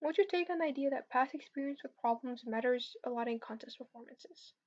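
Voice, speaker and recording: Young woman, high voice, casual livestream coding Q&A, hesitant and filler-heavy, slightly dull lo-fi audio. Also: quick pace, a little mellow. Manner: hesitant, filler-heavy, answers chat questions. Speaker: competitive programming streamer.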